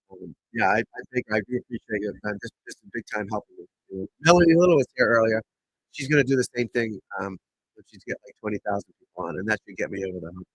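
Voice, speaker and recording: A man hosting a casual golf livestream, talking loudly, swearing and rambling as he chats with viewers. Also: mid-range voice, dry recording, low-quality recording. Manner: loud, swearing, rambling and frustrated. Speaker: golf pro livestream host. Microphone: desk mic at computer.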